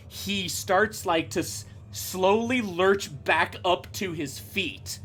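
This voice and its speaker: Slow, bright-voiced male game master. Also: high voice, breathy edge. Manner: slow, descriptive, with small self-corrections. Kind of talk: narrating a tabletop game.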